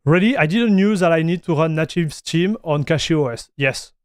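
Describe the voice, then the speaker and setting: A man's voice: on the high side, normal speed, smooth, no echo, studio quality. A young man from the south of France with a French accent, casually chatting with viewers on a live stream. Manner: casual, addresses viewers as buddy and dude.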